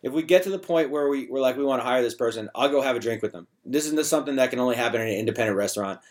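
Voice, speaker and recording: A middle-aged bar owner and bartender chats as a guest in a casual podcast conversation, telling stories in a loose, rambling way full of filler and frequent restarts, circling back over his words. His middle-pitched voice is rapid-fire with lively intonation.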